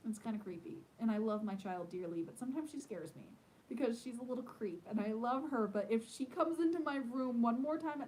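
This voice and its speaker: A woman in her thirties, a podcast host, chatting casually and telling animated stories with lots of "like". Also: fairly high pitch, a little fast, poor audio. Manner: chatty, animated storytelling with many "like"s. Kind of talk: casual chat.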